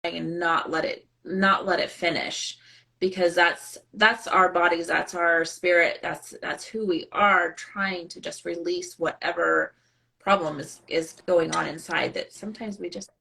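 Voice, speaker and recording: A woman co-hosting a casual live-stream chat, reflective and quick to laugh. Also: fairly low pitch, fairly even intonation, creaky. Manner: warm, reflective, laughs often. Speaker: co-host.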